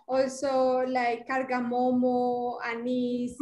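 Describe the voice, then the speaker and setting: A woman joins an online workshop discussion and explains slowly, pausing as she searches for English words. Her voice is high and stays flat, with an echoey room around it on the call. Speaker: workshop participant. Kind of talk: casual group discussion.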